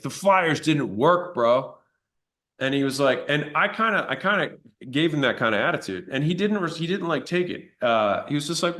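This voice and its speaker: A man telling a story about his business in a casual, blunt way, swearing now and then. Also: medium pitch. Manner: blunt, conversational, with occasional swearing; animated retelling of his own past.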